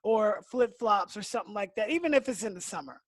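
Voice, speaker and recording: A man hosting a podcast, chatting casually and telling a story in a relaxed, drawn-out way. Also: high-pitched, no echo. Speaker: podcast host. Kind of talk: casual interview chat.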